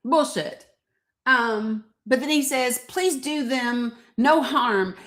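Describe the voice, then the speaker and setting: A woman's voice: fairly high pitch, fairly bright tone. Blunt, profane woman live-streamer. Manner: blunt, profane and sarcastic, greeting chat viewers. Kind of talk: casual political commentary stream.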